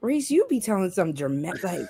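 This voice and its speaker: A woman co-hosts a casual debate. She asks probing questions and pushes for examples. Her voice sits in a middle pitch. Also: sing-song, fairly quick, warm tone, husky.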